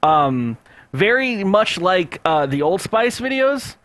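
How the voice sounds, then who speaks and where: Podcast host, man, high voice, dry close sound, rambling foul-mouthed storyteller. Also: big pitch swings, slow pace, fairly bright tone, no echo. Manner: rambling, profane storytelling full of fillers. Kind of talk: casual chat.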